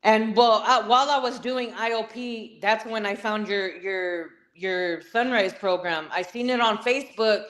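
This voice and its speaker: A woman's voice: mid-range voice, measured pace, hardly any pauses, a bit bright. A woman guest telling her personal story in an interview, earnest and emotional.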